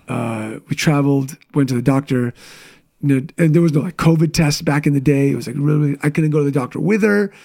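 Gravelly man telling a candid story. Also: a little high, darkish tone. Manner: candid, storytelling, quick asides. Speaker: guest, business coach. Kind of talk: casual interview chat.

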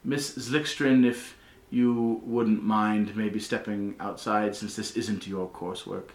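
A man's voice: on the low side, steady tone, takes it slowly, a little mellow. A man voicing a younger female professor who is formal and politely pointed. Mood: coolly polite. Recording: roomy echo.

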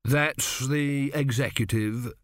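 A man voicing an eager, fawning salesman with a smooth sales patter. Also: mid-range voice, steady tone, slow pace, dry recording, studio quality, lightly acted.

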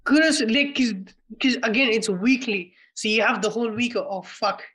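Bright-voiced, profane podcast co-host. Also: mid-range voice, normal speed, slightly rough. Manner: enthusiastic, profane, retells scenes in quotes. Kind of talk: casual film podcast chat.

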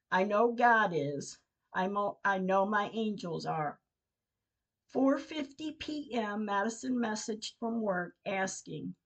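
A woman hosting a podcast, reading her personal diary entries aloud in a measured, emotional way. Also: mid-range voice, low-quality recording. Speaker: podcast host.

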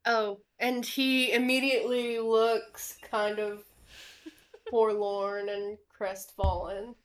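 A woman narrating as game master in a tabletop game, hesitant with frequent pauses and little laughs. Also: fairly high pitch, flat delivery. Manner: unhurried, hesitant with many ums, giggly.

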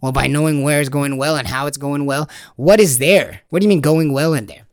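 A man's voice: fairly high pitch, a little fast, hardly any pauses, no room sound, studio quality. A man hosting a meditation podcast, playful and teasing, laughing often and slipping into voices. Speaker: podcast host.

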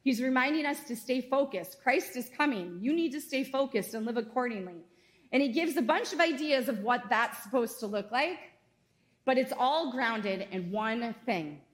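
A woman pastor in her thirties delivers a sermon in a church sanctuary. Her voice sits a little higher than most women's. She keeps it conversational and earnest, with casual asides between the scripture. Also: lively intonation, normal speed.

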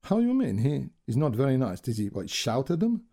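A woman's voice: extremely low pitch, big pitch swings, brisk, warm tone, husky, exaggerated voice. A man voicing a blunt Spanish tourist woman with a Spanish accent and broken English. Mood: insistent.

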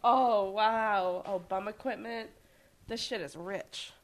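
A young woman co-hosting a podcast in casual chat, laughing often and filling pauses with "um". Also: mid-range voice. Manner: laughs often, many fillers. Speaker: podcast co-host.

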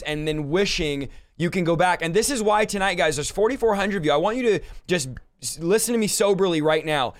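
A man hosts a live stream and preaches to his viewers with emphasis. His voice is on the high side for a man, and the recording is dry and close, with no room sound. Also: clean tone, dry recording. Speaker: host.

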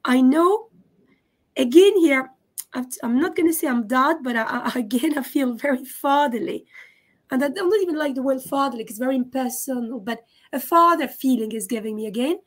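A woman giving a live mediumship reading, halting and often stopping to check in with questions. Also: sits high, animated. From France. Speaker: psychic medium.

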